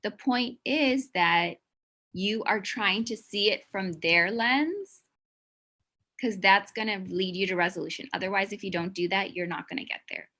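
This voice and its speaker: A woman's voice: mid-range voice, a little slow, pushed and bright. A woman giving a conversational educational talk to an online audience, earnest and emphatic, with frequent casual fillers. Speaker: presenter of a mental health talk.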